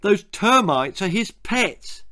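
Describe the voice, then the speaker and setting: A man reading aloud, voicing a boastful prankster schoolboy who talks quickly and excitably. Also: sits high, voice pushed up, heavily acted. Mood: jittery.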